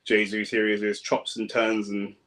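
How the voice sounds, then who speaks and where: A young man, a fan streamer giving casual, slangy live commentary on a football match, breaking into sudden loud outbursts. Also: on the low side, monotone, normal speed.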